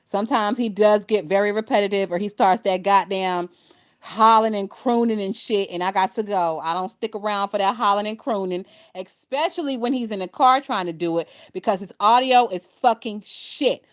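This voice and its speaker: A woman's voice: medium pitch, normal speed. A young woman giving casual gossip commentary to her viewers, blunt and profane, often laughing. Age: young adult.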